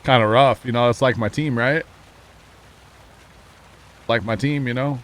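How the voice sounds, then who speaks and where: A man's voice: mid-range voice, fairly even intonation, a little slow, fairly bright tone. A man streaming a farming game, chatting casually and joking with his chat. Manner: chatty, jokey, reading chat aloud.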